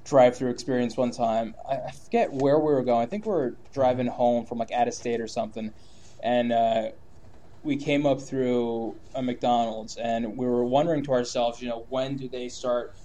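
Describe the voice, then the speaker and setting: A man's voice: mid-range voice, normal speed, mellow. A man chatting casually as a podcast co-host, telling profane, ranting stories and laughing often. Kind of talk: casual chat.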